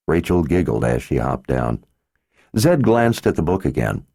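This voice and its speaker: A man narrating a fantasy audiobook in an expressive storytelling manner. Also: very deep voice, measured pace, dry recording, clean studio sound. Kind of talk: scripted narration.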